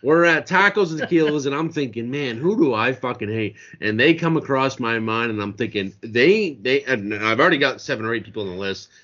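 A man's voice: mid-range voice, lively intonation, brisk, few pauses, sharp tone, lo-fi sound. A man co-hosting a podcast in casual chat, ranting in a heated, profane way from a restaurant. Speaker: podcast co-host. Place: restaurant in a beach town.

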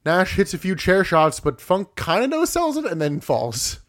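A man's voice: high voice, wildly swooping pitch, moderate pace. A man co-hosting a casual podcast, recapping wrestling matches play by play with wry asides. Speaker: podcast co-host.

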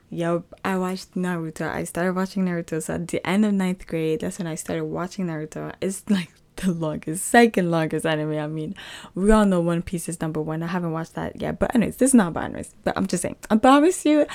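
Chatty young woman with a lowish voice. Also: a little mellow, no echo. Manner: chatty, rambling, with many fillers. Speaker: podcast host. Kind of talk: casual faith testimony.

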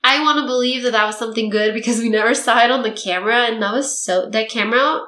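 A woman's voice: on the high side, fast. A young woman, a podcast host, telling a personal story in casual chat and acting out what people said. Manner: animated storytelling, acting out quotes. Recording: echoey room.

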